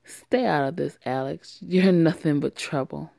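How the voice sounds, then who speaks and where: A woman's voice: low-pitched, unhurried, gravelly, dark tone, dry recording, studio quality. A woman voicing a drunk, pushy teenage boy in a homemade voiced story who talks in brash, insistent bursts. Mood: snapping.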